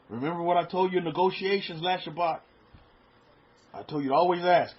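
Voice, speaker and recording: A middle-aged male preacher with a husky, slightly raised voice talks to his congregation in an easy, conversational way. He stumbles over repeated words and drops into quieter asides. The recording sounds dull and lo-fi. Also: sits high, fast talker. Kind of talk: sermon.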